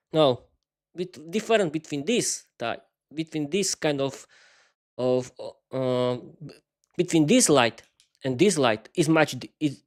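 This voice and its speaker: Hesitant, stuttering man hosting a live stream. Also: a little high. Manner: hesitant, stuttering, many restarts; chatty, talks to viewers while fiddling with lighting. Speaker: podcast host. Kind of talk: casual live-stream rambling. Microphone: desk microphone.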